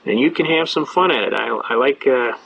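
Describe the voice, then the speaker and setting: A man's voice: mid-range voice, a little fast, creaky, breathy edge. Older man telling folksy anecdotes, lo-fi. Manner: rambling, chatty storyteller with frequent uh fillers. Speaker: speaker on citizens' rights. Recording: dull lo-fi recording.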